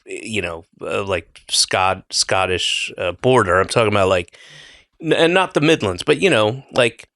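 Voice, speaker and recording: A man's voice: lowish voice, unhurried, creaky, fairly bright tone, no echo, clean studio sound. Man rambling, profane podcast host. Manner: rambling, profane, jokey storytelling with mimicked voices. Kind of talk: casual chat.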